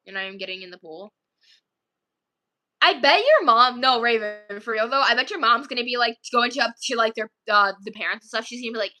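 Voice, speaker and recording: Woman, casual chat to viewers, rambling and giggly, bright voice, slightly high. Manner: rambling, filler-heavy storytelling. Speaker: streamer chatting with viewers.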